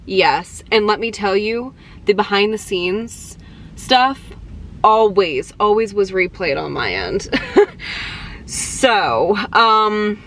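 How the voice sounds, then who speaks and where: Young woman, casual vlog storytelling, excited, chatty, lots of fillers. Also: medium pitch, takes it slowly. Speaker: vlogger.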